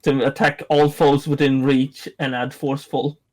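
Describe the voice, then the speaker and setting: A man playing a tabletop game, playful and excitable, often laughing. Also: medium pitch, normal speed. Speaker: player. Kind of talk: casual tabletop game play.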